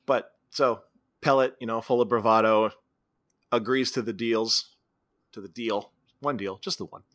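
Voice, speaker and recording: Bright-voiced man recapping a movie. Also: fairly low pitch, fairly even intonation, normal speed, no echo, studio quality. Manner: retells scenes, quoting characters in brief voices. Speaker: podcast co-host. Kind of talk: casual movie recap chat.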